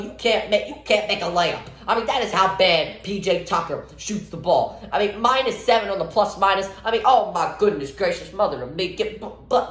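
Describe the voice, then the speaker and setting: A man's voice: high-pitched, a bit bright. A man with a voice that cracks, giving an exasperated, ranting sports analysis vlog where he scolds players directly. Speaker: sports vlogger. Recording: roomy echo.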